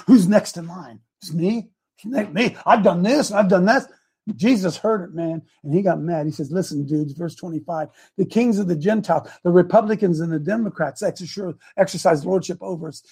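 A man hosting a live show, preaching through a Bible passage in a lively, slangy way and acting out the scripture in casual street talk. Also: high voice, gravelly, husky. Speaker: host and preacher.

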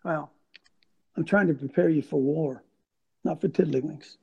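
A fired-up man preaching to his online viewers, husky and gravelly at a high pitch. He pushes hard and fires off rhetorical questions like a coach in a locker room. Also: moderate pace, a little mellow, muffled recording. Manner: intense and emphatic, with rhetorical questions. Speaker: host and former football coach. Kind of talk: fiery sermon-like talk to an online audience. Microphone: computer mic on a video stream.

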